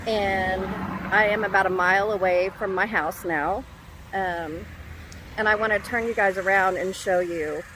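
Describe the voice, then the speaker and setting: A woman's voice: medium pitch, fairly bright tone, a little hiss or hum. A woman chatting casually to her phone camera, rambling with many ums, talking at home and later outdoors on a walk. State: a little out of breath. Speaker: vlogger. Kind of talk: casual vlog chat. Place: home indoors, then outdoors on a run. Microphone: handheld phone.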